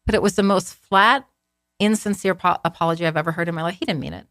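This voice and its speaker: A woman's voice: on the low side, quick pace, fairly bright tone, dry recording, clean studio sound. A woman guest in a casual interview, telling her story candidly and searching for words with frequent restarts. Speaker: podcast guest.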